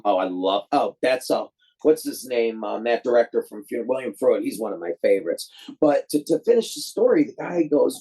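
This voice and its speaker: This Detroit man, a visiting filmmaker, has a medium-pitched, sing-song voice that's mellow with a breathy edge, moving at a normal speed. He rambles through a long story, often restarting and using fillers, while imitating the voices of its characters. Audio quality is poor.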